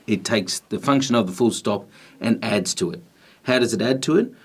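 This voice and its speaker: A man teaching a grammar lesson, explaining in a patient, measured way with pauses. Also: on the low side, breathy edge.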